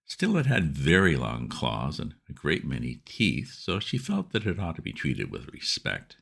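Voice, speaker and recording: A man reading a classic storybook aloud as narrator, lively and expressive. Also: extremely low pitch, normal speed, vocal fry, slightly rough.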